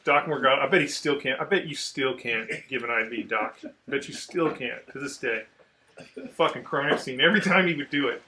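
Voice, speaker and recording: A man telling war stories in a casual, profane chat, animated as he acts out the people in them. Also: mid-range voice, a little fast. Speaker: podcast host, Marine veteran.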